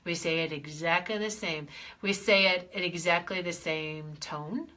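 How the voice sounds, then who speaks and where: A woman life coach hosting a live clearing session, playing with her voice as she swoops high and low through repeated chant-like phrases. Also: steady tone, unhurried, sharp tone. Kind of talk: guided clearing session on a livestream.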